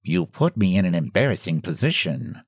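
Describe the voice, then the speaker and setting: A haughty talking cat, cool and utterly unbothered, as a male reader puts him on. He speaks in an even, deadpan tone with cold precision. The sound is dry and close. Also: low-pitched, moderate pace, no echo, heavily acted. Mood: cool, indifferent. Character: cool aloof talking tomcat, coldly indifferent.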